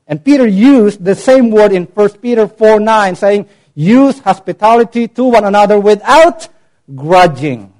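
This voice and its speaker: A male pastor preaching a sermon in a somewhat high voice. He teaches with emphasis, spells out words, gives examples and lingers on key terms. He slows right down whenever he reads a verse aloud. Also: darkish tone.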